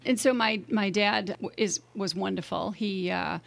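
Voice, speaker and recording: A woman's voice: medium pitch, moderate pace, vocal fry. A woman from Boston with a Boston accent, a guest on a radio talk show with a wry, dry humor. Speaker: guest, town mayor. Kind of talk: casual radio interview.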